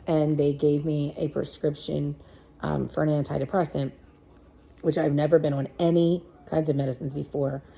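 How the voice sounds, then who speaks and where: Gravelly, husky woman talking candidly. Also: sits low, mellow. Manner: candid, halting, with many fillers and restarts. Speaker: mom vlogger. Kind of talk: personal confessional chat.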